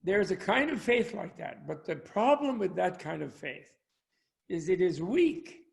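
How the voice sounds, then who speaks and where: A man's voice: sits high, sing-song, unhurried, creaky. An older man, a Buddhist scholar, talking over a video call in a rambling, anecdotal way with frequent chuckles. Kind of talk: discussion with jokes. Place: home, online talk.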